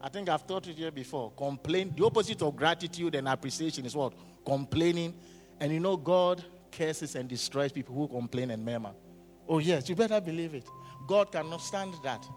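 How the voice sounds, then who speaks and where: A man's voice: fairly high pitch, a little fast. A man preaching a sermon as pastor, often asking the congregation questions and waiting for them to answer. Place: church hall. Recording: hall reverb with faint music.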